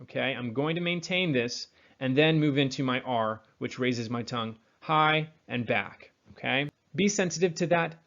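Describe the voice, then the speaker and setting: A man's voice: medium pitch, a bit bright. Man coaching pronunciation, slightly dull sound. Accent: General American. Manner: demonstrates sounds slowly, repeats words. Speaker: accent coach. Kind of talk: teaching pronunciation.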